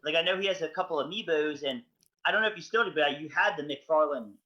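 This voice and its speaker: A man's voice: fairly high pitch, quick pace, bright, forceful tone. A man co-hosting a podcast, talking in a rambling, enthusiastic casual chat full of fillers. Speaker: podcast co-host. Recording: dull lo-fi stream audio.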